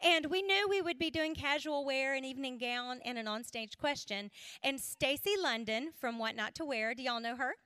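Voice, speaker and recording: A woman's voice: high voice, normal speed, a bit bright, clean tone, no echo. A woman from South Carolina with a Southern accent, giving a playful, chatty talk full of stories to a women's church gathering, laughing often. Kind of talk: humorous storytelling to a live audience.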